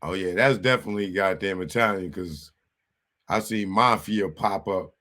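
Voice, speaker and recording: A man's voice: low voice, normal speed, sharp tone. A man giving casual comedic commentary, muttering to himself while he looks something up.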